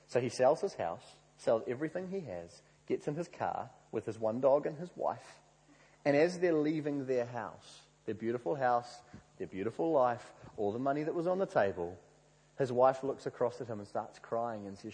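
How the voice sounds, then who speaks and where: Male preacher, husky, animated storytelling sermon in a reverberant hall. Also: mid-range voice, a little fast. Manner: animated storyteller, acts out quoted prayers.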